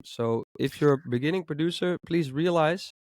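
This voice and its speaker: Hoarse-sounding male podcast co-host. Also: fairly high pitch, moderate pace, no room sound. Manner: relaxed, rambling with many fillers. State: hoarse with a cold. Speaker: podcast co-host, music producer. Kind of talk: casual podcast chat.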